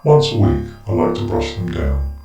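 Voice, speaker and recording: A man voicing a rambling, mock-serious grown man in a storybook, speaking deadpan. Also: deep voice, moderate pace, pitched below the performer's own voice. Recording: distant echoey voice over music.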